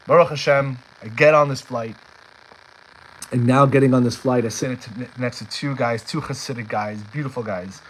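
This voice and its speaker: A man's voice: mid-range voice, fairly even intonation, fairly quick, a little hiss or hum, poor audio. A man telling a heartfelt personal story in an earnest way, often repeating himself when stirred. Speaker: storyteller sharing a personal journey.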